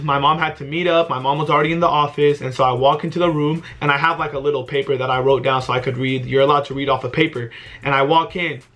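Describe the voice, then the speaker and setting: A young man telling a casual storytime vlog, animated and exasperated, with frequent swearing. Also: fairly high pitch. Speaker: vlogger.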